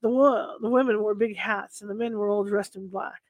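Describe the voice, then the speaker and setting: Very high-voiced man reading ghost stories. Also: normal speed, no room sound, rough recording. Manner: steady reading with occasional slips and self-corrections. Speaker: storyteller.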